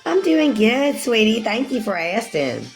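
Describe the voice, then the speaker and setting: A woman's voice: fairly high pitch, sing-song, unhurried, faint music behind. Rambling woman in her forties. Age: 40s. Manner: rambling, calls viewers sweetie, laughs often. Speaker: livestreamer. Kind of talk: casual livestream chat with viewers.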